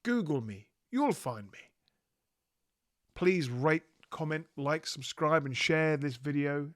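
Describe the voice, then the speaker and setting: A tired man hosting his own podcast, reflecting warmly and giddily. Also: a little high, animated, takes it slowly, no echo, studio quality. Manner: warm, giddy, reflective. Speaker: podcast host. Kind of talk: solo podcast wrap-up.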